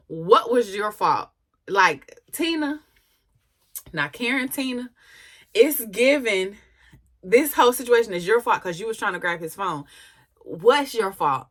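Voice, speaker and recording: Sassy, animated woman gossip commentator. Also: medium pitch, slow pace, long pauses. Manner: sassy, animated, laughs and comments between readings. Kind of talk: casual commentary, reading texts aloud.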